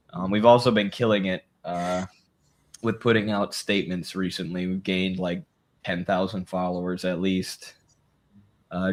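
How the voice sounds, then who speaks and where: A man co-hosting a podcast, chatting casually and profanely about politics, rambling and quick to laugh. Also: deep voice. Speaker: podcast co-host.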